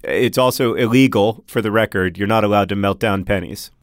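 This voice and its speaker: A middle-aged man from the United States with a fairly low voice, chatting casually as a podcast co-host. He rambles and pokes fun at himself, restarting sentences as he goes. The sound is dry and close. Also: brisk, no echo. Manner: rambling, self-deprecating, lots of restarts. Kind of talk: casual chat.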